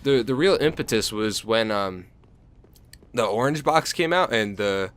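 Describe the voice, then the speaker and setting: A man's voice: lowish voice, lively intonation, measured pace, fairly bright tone. Rambling young American man gaming. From United States. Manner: rambling, chatty, full of fillers and restarts. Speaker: gaming YouTuber. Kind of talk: casual gameplay commentary.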